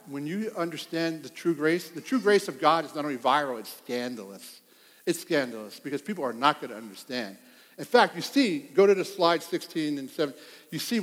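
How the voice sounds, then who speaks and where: A high-voiced man, a pastor, preaches a sermon in a church hall, lively and full of tales. He often breaks into laughter at his own stories, while every phrase trails off in long reverb.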